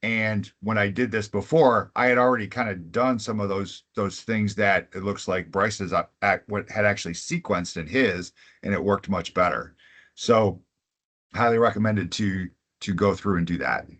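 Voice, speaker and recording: A man's voice: on the low side, moderate pace, a bit bright. A man co-presenting a webinar, talking in a hesitant, hedging way with many fillers. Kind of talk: casual webinar talk.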